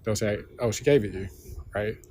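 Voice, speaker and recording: A man's voice: on the low side, moderate pace, a little mellow, slight background noise. A man being interviewed, explaining with frequent "right?" checks. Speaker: linguist interviewee. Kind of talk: conference interview.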